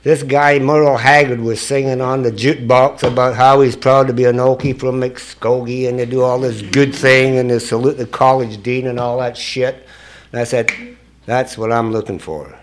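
A Scottish man tells his story to a recovery meeting, cursing freely and laughing at his own misadventures. His voice sits at an ordinary middle pitch. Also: little pitch movement, moderate pace, slight background noise. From Scotland. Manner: profane, joking, chuckling at his own stories. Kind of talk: confessional storytelling to an audience.

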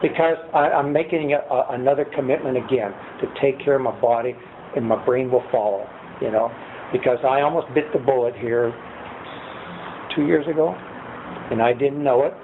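A man's voice: mid-range voice, moderate pace. An older man sharing his story at a recovery meeting from a podium, rambling and chuckling at himself. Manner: rambling, chuckling, self-deprecating. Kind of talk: personal testimony to a group. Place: meeting room, speaking at a podium. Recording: tinny lo-fi line with faint hiss.

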